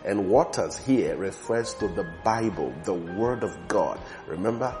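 A man preaching a sermon with emphasis, repeating words for stress and swinging between soft and loud passages. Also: lowish voice.

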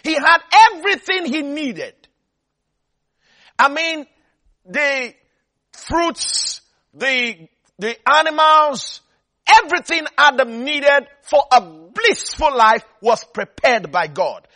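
A man preaching in a strikingly high voice with a bright, forceful edge. He hammers his points through repetition and keeps stopping to ask whether his listeners are following him. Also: expressive, slow pace. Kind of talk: sermon.

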